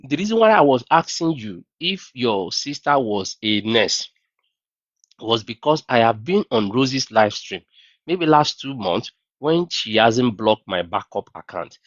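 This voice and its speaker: Animated man on a livestream. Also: medium pitch, measured pace, no room sound, muffled recording. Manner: animated, incredulous, mimics others in raised voice. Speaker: livestream host. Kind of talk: casual livestream talk. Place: New Zealand.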